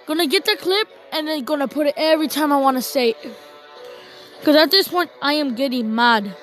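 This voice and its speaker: A young gamer casually commenting on a strategy game she plays, rambling to herself and giving shout-outs to viewers. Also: sits high, brisk, faint music behind, low-quality recording. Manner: rambling, talks to herself while playing. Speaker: gaming channel host.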